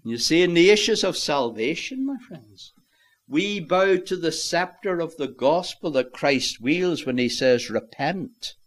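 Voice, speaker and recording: Solemn preacher delivering a sermon. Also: male voice, lively intonation, a little slow. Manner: solemn preaching, swells loud on key words then drops low.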